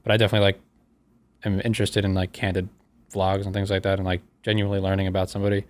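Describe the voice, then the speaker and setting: Young american guy hosting a podcast, kinda low voice, rambly, lots of ums and restarts. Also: racing. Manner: relaxed, rambling, with many fillers and restarts. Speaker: podcast host. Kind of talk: casual podcast chat.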